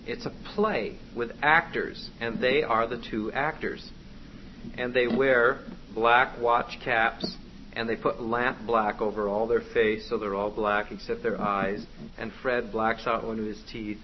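A man's voice: medium pitch, steady tone, a little slow. A man preaching a conversational, exhorting sermon to his congregation. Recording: dull lo-fi with faint noise.

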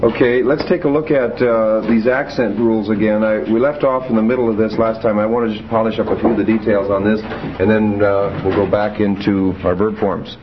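A man teaching a Greek grammar class, explaining rules methodically with frequent pauses and fillers. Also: lowish voice, steady tone, noisy background. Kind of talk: classroom lecture. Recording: muffled lo-fi classroom recording.

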